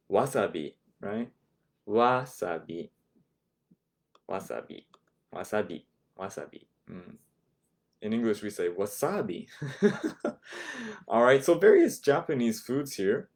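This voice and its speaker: A man teaching an online language class from home, slowly and patiently repeating each word for his learners. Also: fairly low pitch, darkish tone.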